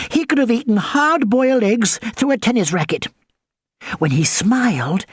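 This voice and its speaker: Lively woman reading a storybook. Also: mid-range voice, breathy edge, no echo, clean studio sound. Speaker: audiobook narrator. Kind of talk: storybook narration.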